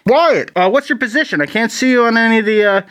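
A man's voice: very high voice, expressive, fast talker, fairly bright tone, smooth, pitched above the performer's own voice. A man voicing a worried male boss calling over a walkie-talkie in a tabletop game.

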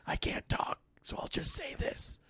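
A man imitating a spiteful old woman with laryngitis in a raspy whisper. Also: unhurried, sharp tone. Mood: bitter.

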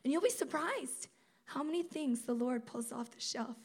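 A woman giving a sermon at a conference, conversational and animated, acting out quotes as she teaches. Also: sits high, normal speed. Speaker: speaker at a campus ministry conference.

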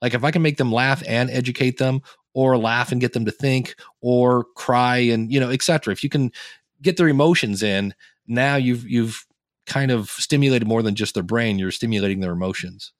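A man's voice: mid-range voice, normal speed, no room sound, clean studio sound. A man from Ohio, a podcast guest chatting casually and acting out the reactions he quotes. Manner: animated storyteller, acts out quoted reactions. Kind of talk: casual interview chat.

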